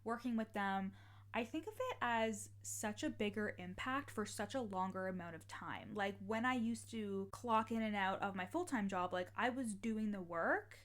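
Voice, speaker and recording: A woman's voice: medium pitch, normal speed. A young adult woman, a life coach and podcast host, talking casually and encouragingly to listeners, with lots of "like" fillers and the odd swear word.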